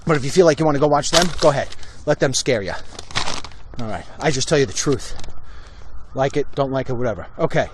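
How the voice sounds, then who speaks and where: A man with a medium-pitched voice speaks fast and animatedly over background noise. Walking outdoors on a street, he livestreams heated, blunt political talk into a handheld phone.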